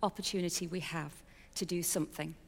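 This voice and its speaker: A woman's voice: lowish voice, steady tone, fairly quick, vocal fry. Woman telling her story in a hall. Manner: candid, chatty storytelling with fillers and self-mockery. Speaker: speaker sharing a personal testimony. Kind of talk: personal testimony talk.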